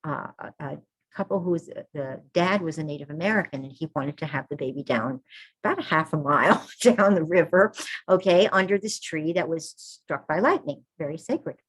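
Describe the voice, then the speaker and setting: A middle-aged woman with a low, slightly husky voice talks about her work as a birth keeper. She speaks earnestly and informally and often pauses for a reassuring "all right" or "okay". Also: low-quality recording. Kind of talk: informal talk to an audience.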